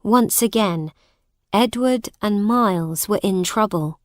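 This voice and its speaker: Woman narrator, learner audiobook, very slow, clear, dry close sound. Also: medium pitch, no room sound.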